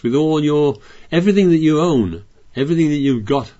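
A man's voice: fairly high pitch, animated, a little fast, mellow, highs cut off. A man preaching a sermon, reading scripture aloud and explaining it in a chatty way with frequent restarts.

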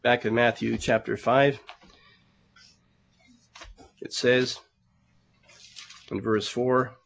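A man's voice: mid-range voice, little pitch movement, drawn-out words, gravelly, fairly bright tone, a little hiss or hum. A man preaching a sermon in an earnest, conversational way. He calls the congregation brethren and often repeats words while he searches for the next one. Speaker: pastor.

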